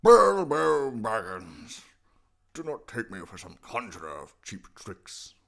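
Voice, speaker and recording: A man voicing an old male wizard with a British accent, deep and strained, whistling his s sounds. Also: wildly swooping pitch, slow pace, creaky, fairly bright tone, exaggerated voice. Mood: solemn.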